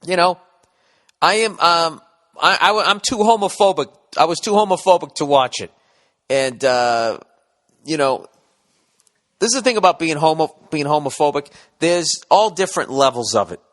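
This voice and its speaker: A man's voice: a little high, animated, normal speed, a bit bright, big-room sound. A man hosting a comedy podcast, talking in a blunt, rambling monologue with constant swearing. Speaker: podcast host.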